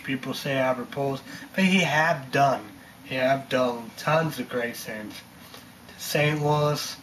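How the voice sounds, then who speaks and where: A man's voice: medium pitch, fairly bright tone, a little hiss or hum. A man talking in a casual, rambling monologue, repeating himself and leaning on fillers. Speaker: vlogger ranting on camera.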